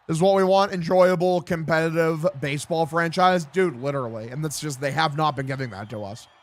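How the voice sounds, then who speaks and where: A man's voice: on the high side, a little fast. A man with a sore throat calling a game as a fan streamer, swearing and getting fired up. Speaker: streamer doing a watch-along. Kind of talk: excited casual play-by-play with heavy swearing.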